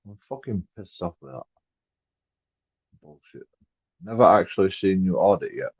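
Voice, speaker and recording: A man, rambling profanely on a live stream and swinging between mumbled asides and loud outbursts. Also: fairly low pitch, dry recording. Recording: dry, dull lo-fi sound.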